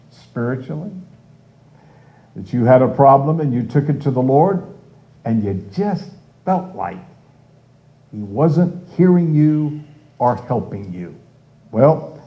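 An older man preaching a sermon slowly and emphatically, raising his voice when he quotes cries for help. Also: medium pitch. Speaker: pastor. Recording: dull lo-fi sound.

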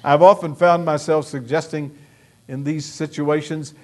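A man's voice: fairly high pitch, steady tone, measured pace. A male pastor delivering a sermon, emphatic and full of rhetorical questions to the congregation.

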